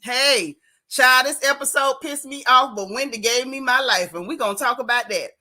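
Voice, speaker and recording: A woman hosting a casual livestream chat, animated and folksy, a little out of breath. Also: high-pitched, moderate pace, poor audio. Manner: animated, folksy, loud greetings. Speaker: show host greeting live chat.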